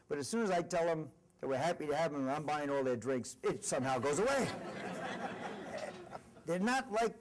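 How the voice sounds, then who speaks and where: A middle-aged man, a company executive, giving an earnest motivational speech full of stories at a university event. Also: mid-range voice. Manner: storytelling, animated and earnest. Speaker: corporate executive speaker.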